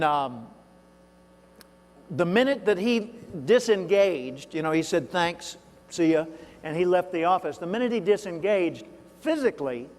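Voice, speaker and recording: Folksy man with a mild Southern accent, keynote. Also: high-pitched. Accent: Southern US, toned down. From Arkansas. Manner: folksy storytelling, conversational asides to the audience. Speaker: keynote speaker. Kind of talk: conference keynote speech. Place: large hall. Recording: reverberant hall, live event.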